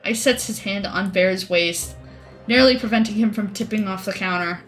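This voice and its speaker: A young adult woman streaming a story game, reading it aloud and joking through animated reactions. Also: mid-range voice, moderate pace, faint music behind. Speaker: streamer reading a visual novel.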